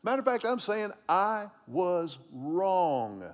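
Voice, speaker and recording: A male pastor, preaching a sermon in an animated, conversational way with self-deprecating humor. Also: high voice, takes it slowly.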